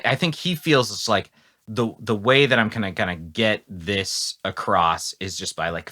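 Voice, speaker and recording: A man co-hosting a podcast in casual chat, animated and sarcastic, restarting sentences often and swinging between loud bursts and mumbles. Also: fairly low pitch. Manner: many restarts and fillers. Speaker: podcast co-host.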